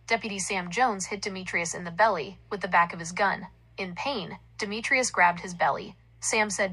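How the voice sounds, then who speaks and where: A woman narrating a story aloud in a plain, even storytelling manner. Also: mid-range voice, normal speed, low-quality recording.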